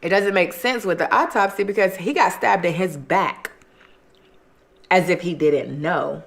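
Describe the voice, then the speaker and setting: A woman hosts a mukbang, eating while she casually retells a true-crime case in a chatty way, full of "like" and acted-out quotes. Her voice is lowish and her pace measured.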